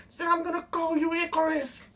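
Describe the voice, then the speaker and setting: A man's voice: very high-pitched, fast talker, a bit bright, recorded from a distance, pitched above the performer's own voice. A young man doing a mocking, exaggerated whiny voice of a panicking young male detective.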